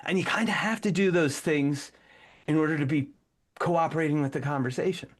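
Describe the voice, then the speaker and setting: A man's voice: fairly high pitch, a little fast. A man co-hosting a podcast, chatting casually and animatedly, breaking into acted-out commands as he explains. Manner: animated, acts out commands mid-sentence. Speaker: podcast co-host.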